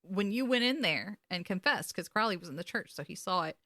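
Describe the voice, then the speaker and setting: Woman podcast co-host, bright close-mic voice, lively storyteller who acts out the scenes. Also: medium pitch, brisk, dry recording. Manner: animated retelling, acts out characters, swears. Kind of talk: casual recap chat.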